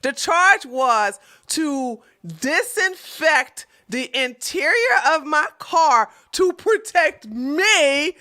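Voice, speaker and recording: A woman with a high, bright, clear voice vents to her viewers about everyday annoyances. She tells the story casually and with real exasperation, speaking straight to them as if they were friends. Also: expressive, drawn-out words, hardly any pauses. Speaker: vlogger.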